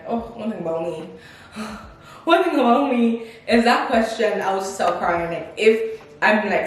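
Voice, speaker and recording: A woman in her twenties chatting in a casual, reflective vlog, full of fillers and acted-out quotes. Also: on the low side. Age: 20s. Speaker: vlogger. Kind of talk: casual life-update vlog. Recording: distant mic in a very echoey room with faint noise.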